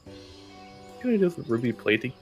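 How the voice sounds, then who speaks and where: A man playing along on a game stream, giving short relaxed replies and swearing now and then. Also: medium pitch, moderate pace, creaky, soft background music. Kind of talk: casual gaming chat.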